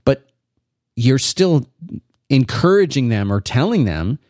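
A man's voice: medium pitch, very animated, takes it slowly, darkish tone, dry recording, studio quality. A father telling a rambling parenting anecdote in casual podcast chat.

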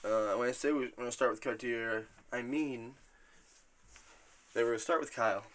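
A man hosts a loose, casual podcast, telling stories in a rambling, profane and animated way. His voice sits at a medium pitch. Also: moderate pace. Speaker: podcast host.

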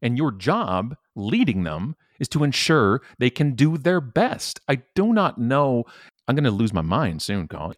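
A man's voice: medium pitch, sing-song, a little slow, no echo, clean studio sound. A man in his forties, a professional speaker, talking emphatically and animatedly as a podcast guest. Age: 40s. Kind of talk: conversational podcast interview.

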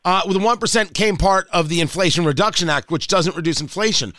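A male radio host with a high, bright voice, close and dry in the studio. He questions his guest and restates the guest's points to check them. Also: fast, no room sound. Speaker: radio talk show host. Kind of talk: radio interview.

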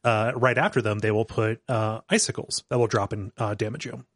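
A man's voice: on the low side, brisk, no room sound. A man co-hosting a podcast, talking casually about a video game, laughing often and tripping over his words. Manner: laughs often, animated, stumbles and repeats words. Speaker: podcast co-host.

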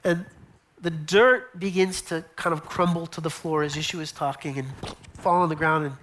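A woman's voice: low voice, fairly even intonation, moderate pace, a bit bright. A woman preaching a sermon, telling a scene with vivid retelling, drops to whispers for imagined dialogue, and often repeats and restarts her phrases. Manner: storytelling, acting out scenes with whispered asides.

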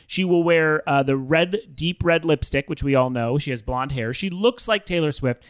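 A man hosting a casual comedy podcast, brisk and jokey. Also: fairly high pitch, clean tone, no echo. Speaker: podcast host.

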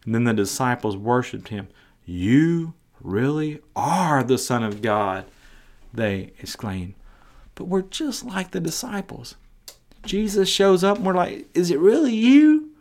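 A man's voice: mid-range voice, lively intonation, slow. A man teaching a Bible passage on his podcast, earnest, acting out the quoted voices, with some stumbling restarts. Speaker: podcast preacher.

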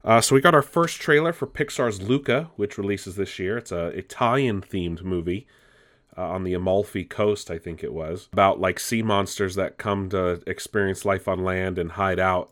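A man with a low, deep voice hosting a casual entertainment news roundup. He talks loosely and chattily, drops the odd swear word and laughs at himself.

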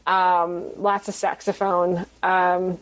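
A woman's voice: fairly low pitch, level tone, slow pace. A woman author talking casually in a podcast interview, rambling with many ums and restarts and laughing often. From United States. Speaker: guest author.

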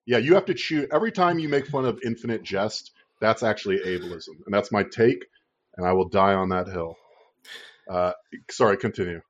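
A man's voice: lowish voice, animated, moderate pace. A man hosting a casual political chat podcast, ranting sarcastically and swearing freely. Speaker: podcast host. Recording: dull lo-fi dry recording.

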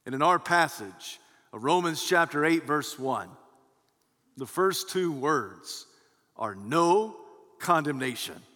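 A man's voice: a little high, lively intonation, slow pace, pauses often, sharp tone. A male pastor giving an emphatic sermon, swelling and dropping his voice for emphasis, in a large church. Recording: long hall reverb.

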